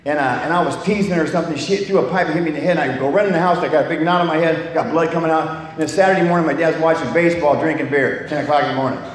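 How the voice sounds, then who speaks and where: A man's voice: a little high, racing, hardly any pauses. An older man from California telling his life story in a blunt, candid way, swearing freely and often restarting his sentences. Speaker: speaker sharing a recovery story. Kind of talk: personal testimony talk. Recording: echoey hall, long reverb, faint noise.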